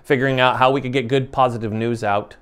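An American man in his forties hosts a conversational interview, speaking with passion and emphasis and frequently restarting his sentences. His medium-pitched voice is clear, resonant, and a little bright, with fairly even intonation and a fast delivery.

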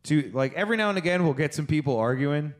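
A man's voice: fairly high pitch, expressive, quick pace. A man co-hosting a podcast, chatting casually and swearing a lot as he rambles through stories. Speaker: podcast co-host. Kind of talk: casual chat.

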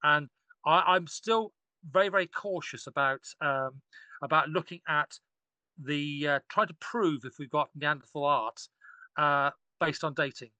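A man's voice: fairly high pitch, measured pace, pushed and bright, no echo. A man, an archaeologist guest on a podcast, talking enthusiastically and rambling with frequent restarts. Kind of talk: casual podcast discussion.

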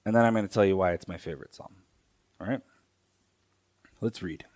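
A man preaching a sermon in a church, teaching slowly and deliberately, pausing and repeating key phrases. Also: low voice, a little mellow. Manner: slow, deliberate teaching with pauses and repetitions.

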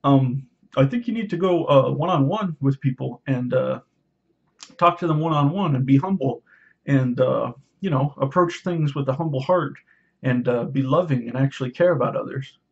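Husky man in a sarcastic rant. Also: medium pitch, normal speed, dull audio. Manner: sarcastic and preachy. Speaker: YouTuber. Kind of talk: casual rant to camera.

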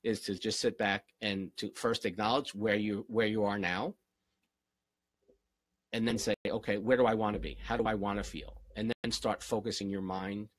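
Husky-voiced man giving motivational advice. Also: fairly low pitch, level tone, normal speed, no room sound. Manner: earnest and encouraging, repeats key phrases. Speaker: relationship coach. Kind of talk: live-stream Q&A, motivational advice.

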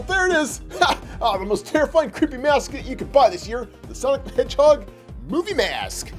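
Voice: mid-range voice, a bit bright. A performer voicing a giggly male puppet who hosts a comedic toy review show, laughing constantly and exclaiming through it. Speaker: host.

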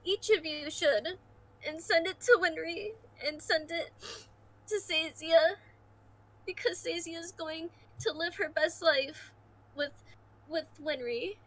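A woman's voice: very high-pitched, takes it slowly, fairly bright tone, exaggerated voice, poor audio. Woman playing a tearful bossy adventurer girl. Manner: crying while giving orders. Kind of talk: tabletop role-play.

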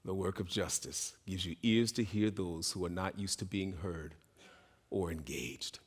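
A man's voice: unhurried, husky, long reverb tail. A man preaching a sermon, telling stories and acting out the voices of the people in them. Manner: storytelling, acts out quoted voices in a raised pitch. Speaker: pastor.

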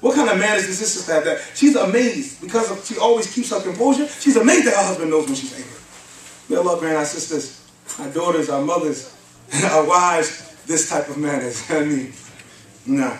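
A man's voice: fairly high pitch, expressive, moderate pace. A man giving a religious lecture in a mosque, reciting Arabic verses and asking the audience rhetorical questions. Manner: quotes Arabic verses and asks rhetorical questions like "huh?" and "what?". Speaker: Islamic lecturer. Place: mosque hall. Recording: echoey hall, mic at a distance, faint hiss.

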